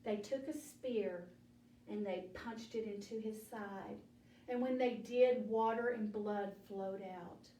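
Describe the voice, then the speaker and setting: A woman teaching a children's Bible study, telling the story slowly and deliberately and asking the children questions. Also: medium pitch, steady tone, warm tone, a little hiss or hum. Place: church room. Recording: echoey room, mic at a distance.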